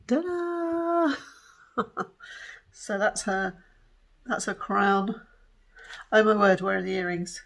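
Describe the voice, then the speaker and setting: A tired woman, chatting excitedly to camera in a home vlog and giggling often. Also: mid-range voice, measured pace, creaky, long pauses. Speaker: vlogger. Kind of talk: casual chat to camera.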